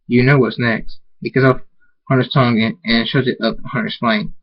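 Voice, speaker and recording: A man reading fan fiction aloud, halting and restarting words as he goes. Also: medium pitch, level tone, lo-fi sound. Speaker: amateur reader.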